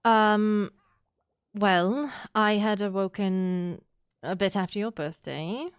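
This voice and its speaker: A woman speaking in character in a roleplay, polite and formal in wording, with frequent soft laughs. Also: mid-range voice, takes it slowly, clear, resonant tone, dry recording, highs cut off.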